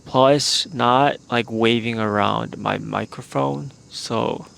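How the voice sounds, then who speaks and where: Out in a remote location, a podcast host talks slowly into a handheld microphone, his medium-pitched voice gravelly and heavy with vocal fry. He rambles easily through his casual solo show, using "like" a lot, with a little hiss or hum audible.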